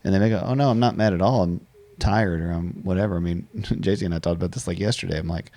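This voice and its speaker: A man's voice: sits low, quick pace, mellow, no echo. A man hosting a conversational interview, reflective and often repeating words as he thinks. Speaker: podcast host.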